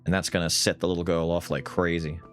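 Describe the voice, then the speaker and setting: A man giving casual, animated let's-play commentary, thinking aloud and swearing casually. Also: low voice, fast talker, faint music behind. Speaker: gaming YouTuber.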